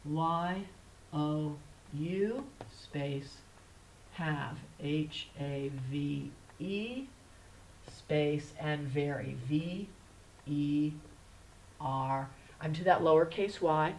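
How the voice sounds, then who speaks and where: Low, slow-spoken kindergarten teacher. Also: female voice, a little hiss or hum, poor audio. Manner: patient, spells words out letter by letter; gentle, instructive. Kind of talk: handwriting lesson.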